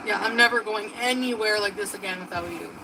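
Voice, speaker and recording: A woman's voice: mid-range voice, fast. A woman talking casually to her viewers while she drives, stressed and grumbling. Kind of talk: casual talk while driving. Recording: road noise inside a moving car.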